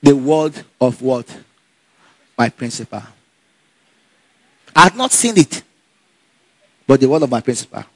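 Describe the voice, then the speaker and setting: A man telling a personal story in a casual, animated way, laughing often and acting out the dialogue. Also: medium pitch, unhurried, pauses often, no echo. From Nigeria.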